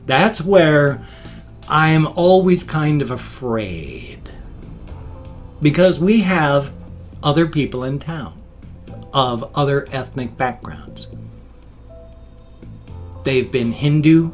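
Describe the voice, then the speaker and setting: A man's voice: a little high, animated, slow pace, long pauses, faint music behind. A middle-aged man chatting casually in his daily home vlog, rambling from one topic to the next. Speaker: vlogger.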